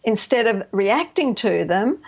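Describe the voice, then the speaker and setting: A woman's voice: fairly high pitch, big pitch swings, measured pace, darkish tone, breathy edge. A middle-aged woman counsellor explaining boundary-setting as a radio guest, emphatic and checking in with "right?" and "you know". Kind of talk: radio interview. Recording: slightly dull lo-fi radio audio.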